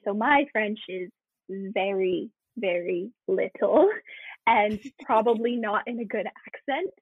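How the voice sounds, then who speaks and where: A woman's voice: a little high, husky, no room sound. Chatty American woman on a tinny line. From United States. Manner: chatty, self-deprecating, laughs often. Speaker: guest, theme park entertainment cast member. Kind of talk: casual interview.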